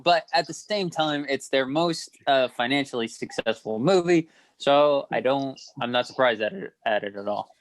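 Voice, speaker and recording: A man's voice: medium pitch, normal speed, hardly any pauses, dry recording, low-quality recording. A man co-hosting a casual podcast chat, telling stories in a rambling way and correcting himself as he goes. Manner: rambling, self-correcting, storytelling. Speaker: podcast co-host.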